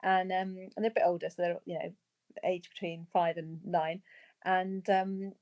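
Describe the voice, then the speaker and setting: A woman's voice: on the low side, little pitch movement, normal speed, darkish tone, lo-fi sound. A woman co-hosting a podcast in casual chat, talking in a chatty, self-mocking way and laughing often. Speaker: podcast co-host.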